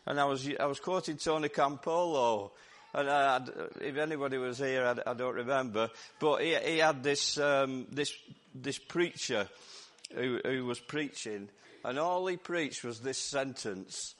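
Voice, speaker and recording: A man with a Lancashire accent preaching a lively, jokey Easter sermon to his church while his voice goes hoarse. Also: medium pitch, unhurried. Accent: Lancashire English. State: voice going hoarse. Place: church service.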